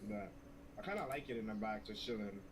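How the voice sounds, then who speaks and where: A young man co-hosting a casual podcast, teasing his friend with quick interjections. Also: on the low side, lively intonation. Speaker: podcast co-host. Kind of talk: casual chat.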